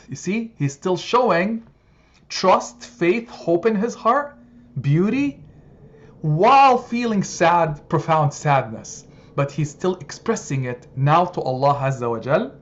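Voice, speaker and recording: A man giving a heartfelt religious lesson to a study circle, expressive and rising to emphatic peaks. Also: slow pace. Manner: expressive, builds to emphatic high points. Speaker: religious teacher. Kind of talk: sermon-style study circle talk. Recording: slightly dull sound, faint background noise.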